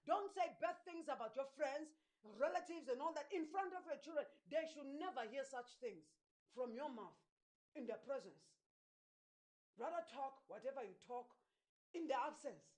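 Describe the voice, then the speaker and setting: A woman's voice: high-pitched, lively intonation, moderate pace, darkish tone, rough recording. A woman preacher giving a sermon, emphatic and repetitive, often checking whether her listeners understand. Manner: emphatic, repeats phrases, asks listeners if they understand.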